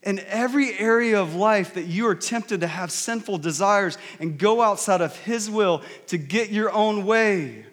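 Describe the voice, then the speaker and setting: A male pastor preaching a sermon, telling stories with animated, emphatic delivery. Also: high-pitched, unhurried, few pauses. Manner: animated storytelling, rising to emphatic peaks. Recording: long reverb of a large hall.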